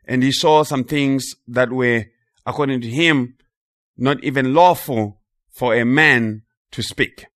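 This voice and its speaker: Man giving a sermon, slow deliberate pace, bright forceful tone, dry close sound. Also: mid-range voice, no room sound. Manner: emphatic, repeats phrases for stress, slows on key words. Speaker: preacher.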